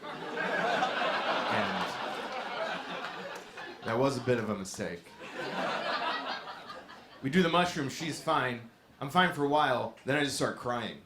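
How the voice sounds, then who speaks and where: A man doing a stand-up set in a comedy club, with a low-key, deadpan delivery. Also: slow pace, pauses often, crowd noise. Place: comedy club stage with a laughing audience. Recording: echoey club with audience noise.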